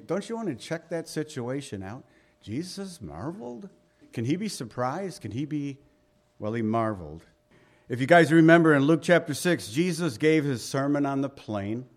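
A man preaching a sermon as a pastor, earnest, asking the congregation rhetorical questions and swinging between loud emphasis and soft, low passages.

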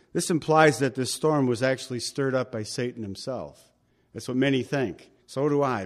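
Expressive preaching man, slightly high voice. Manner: conversational preaching with questions to the congregation; acts out quoted lines with big swings in pitch and loudness. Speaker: pastor. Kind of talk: sermon.

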